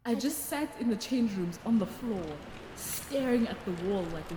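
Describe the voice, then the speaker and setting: A woman's voice: fairly high pitch, animated, moderate pace, background noise. A teenage girl, telling a story to her vlog in a candid, dramatic way with casual slang. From South Africa. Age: teens. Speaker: vlogger.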